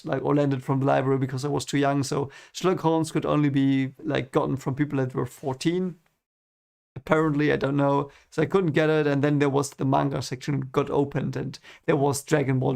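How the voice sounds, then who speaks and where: A man's voice: medium pitch, creaky, darkish tone. A man chatting casually on a stream as he reads webcomics, rambling enthusiastically with lots of fillers and repeated words. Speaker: streamer reading webcomics aloud.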